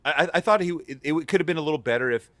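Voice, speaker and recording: A man's voice: a little high, very fast, a bit bright, no room sound. A man appearing as a guest on a live movie stream, chatting casually and often stumbling into stammered restarts. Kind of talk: casual movie review chat. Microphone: remote streaming mic.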